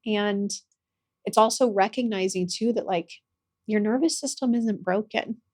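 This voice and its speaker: A young adult woman, guest on a podcast interview, speaking gently and earnestly about her healing work, at times getting emotional. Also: medium pitch, measured pace. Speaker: guest, somatic practitioner and author.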